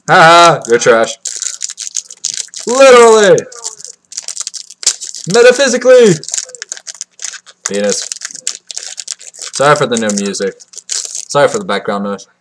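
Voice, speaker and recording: A man doing crude, excitable unboxing commentary into a cheap computer mic, swinging from loud yelps to low mumbling and mocking himself. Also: clean tone. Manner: crude, joking self-mockery. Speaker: card unboxing vlogger. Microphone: cheap computer mic that cuts out.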